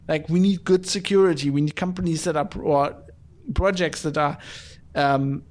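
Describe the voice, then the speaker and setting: A man's voice: a little high, fairly even intonation, moderate pace, darkish tone. A man hosting a podcast, ranting in exasperated, profane bursts full of restarts and fillers. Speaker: podcast host.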